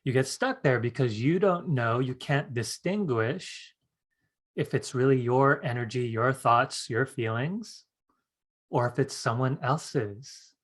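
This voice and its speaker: A middle-aged man teaching an online workshop, telling a personal story with lively acted-out quotes. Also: mid-range voice, slow pace. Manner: animated storyteller acting out quoted voices. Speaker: psychic development teacher.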